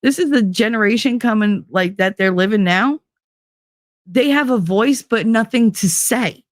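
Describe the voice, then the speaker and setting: A woman's voice: on the high side, unhurried, dry recording, clean studio sound. A woman in her fifties hosting a live-stream, ranting bluntly and emphatically with frequent profanity while reading out viewer comments.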